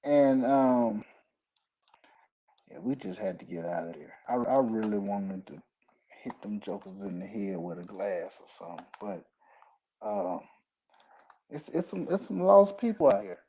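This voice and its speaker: Mellow-voiced man telling stories. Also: fairly low pitch, measured pace, long pauses. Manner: animated storyteller, rambling. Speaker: host. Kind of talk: casual storytelling chat. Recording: dull lo-fi recording.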